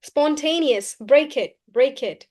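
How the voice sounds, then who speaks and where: A woman teaching a live online class, brisk and coaxing, often repeating key phrases. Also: sits high, a little mellow. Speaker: English teacher.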